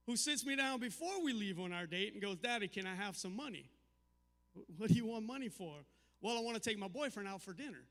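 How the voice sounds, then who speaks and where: A middle-aged man doing a stand-up set, telling crude family stories with deadpan punchlines. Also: high-pitched, in a large hall. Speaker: stand-up comedian. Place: live comedy venue.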